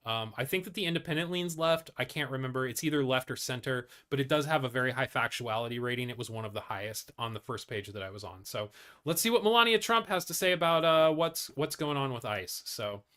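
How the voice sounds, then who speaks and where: Bright-voiced man reading and ranting on news. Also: medium pitch, animated, fairly quick. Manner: blunt and profane, many fillers and restarts. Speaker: news commentary host. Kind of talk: casual news commentary, reading articles aloud.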